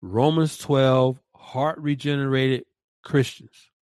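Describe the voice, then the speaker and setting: A man's voice: mid-range voice, steady tone, slow, darkish tone, clean tone, no room sound. Emphatic preaching-style man, dry sound. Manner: emphatic, repeats words for stress. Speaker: podcast co-host. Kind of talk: Christian commentary podcast.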